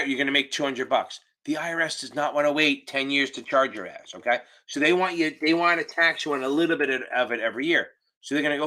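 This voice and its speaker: A man's voice: medium pitch, bright, forceful tone. A man teaching a live online exam-prep session over a video call, casual and joking, with the odd curse. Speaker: exam tutor. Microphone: computer mic on a video call.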